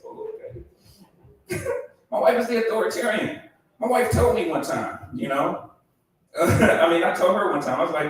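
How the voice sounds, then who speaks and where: A man's voice: on the high side, animated, normal speed, long pauses, heavy reverb, distant mic, rough recording. A middle-aged man performing a stand-up comedy set, acting out voices and laughing at his own jokes.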